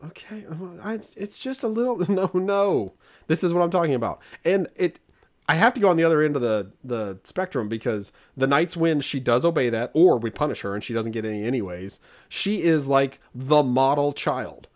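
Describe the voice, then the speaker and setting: A man in his forties co-hosts a podcast, rambling through stories about his kids in a stop-and-start way and interrupting himself often. It's a casual chat. His medium-pitched voice is lively in intonation and a little fast.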